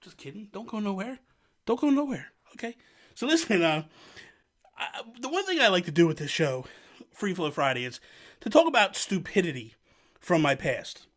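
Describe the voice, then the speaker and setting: Man, 30s, channel host; loud, jokey, rambling delivery, a touch high-pitched. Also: moderate pace, long pauses. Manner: joking, self-mocking, loud and energetic. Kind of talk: casual rambling chat. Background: faint background music.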